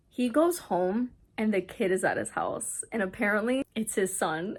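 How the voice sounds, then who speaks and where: A young adult woman chatting casually in a book vlog, retelling a story in an excitable way full of "like". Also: fairly high pitch, moderate pace. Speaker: book vlogger. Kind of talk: casual reading vlog chat. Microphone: camera on a stand, not handheld.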